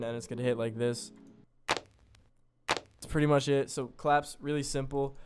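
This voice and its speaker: A young man casually talking through how he built a beat, loose and full of fillers, poking fun at himself. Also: medium pitch. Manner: loose, filler-heavy, self-deprecating. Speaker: beat producer. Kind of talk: casual tutorial narration.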